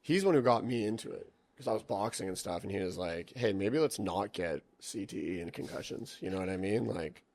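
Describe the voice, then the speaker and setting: This is a young man with a fairly low voice on a casual podcast. He tells loose, rambling stories packed with filler words and swearing. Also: brisk, a little mellow. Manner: rambling storytelling, heavy swearing, lots of "like". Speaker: podcast guest, jiu-jitsu athlete.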